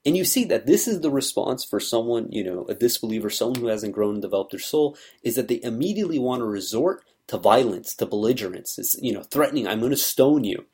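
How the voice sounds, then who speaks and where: A man's voice: medium pitch, animated, quick pace, hardly any pauses, darkish tone, breathy edge. A man giving an earnest, conversational talk on scripture, explaining things in a loose, searching way. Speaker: religious speaker.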